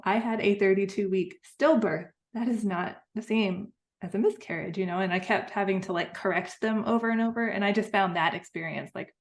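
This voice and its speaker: A woman hosting a podcast interview, talking in a conversational, empathetic way and sharing her own experience. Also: mid-range voice. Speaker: podcast host.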